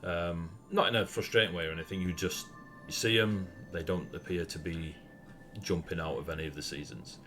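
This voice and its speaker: A young Northern English man runs a tabletop game, describing scenes in a very low voice. He rambles easily, with plenty of ums, and laughs often as he narrates. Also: fairly even intonation, a little fast, fairly bright tone, faint music behind. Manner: laid-back, laughs often, rambling with fillers. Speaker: game master.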